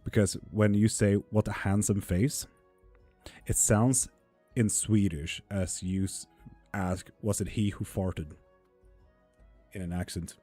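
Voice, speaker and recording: Chatty guy doing tarot on a livestream, low mellow voice, calls everyone honey, dry close sound. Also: steady tone, slow, pauses often, husky, soft background music. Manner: chatty, calls viewers honey, swears freely. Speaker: tarot reader and live streamer. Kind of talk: casual live-stream chat.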